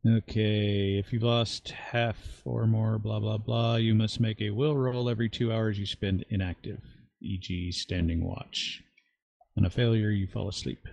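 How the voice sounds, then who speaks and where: A man who is an army veteran, playing a tabletop game in casual chat and reading out rules in a halting, stop-start way. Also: fairly low pitch, flat delivery, vocal fry, darkish tone. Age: adult army veteran.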